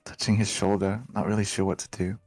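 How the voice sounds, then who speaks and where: Low, dry man describing his moves. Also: little pitch movement, brisk, darkish tone, no room sound, soft background music. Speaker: player.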